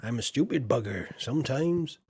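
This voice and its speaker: A man from Yorkshire, England talks casually while streaming a farming game, rambling, running himself down, and leaning on fillers. His voice is medium-pitched, expressive, warm, and husky at a normal speed, captured in clean studio sound without echo.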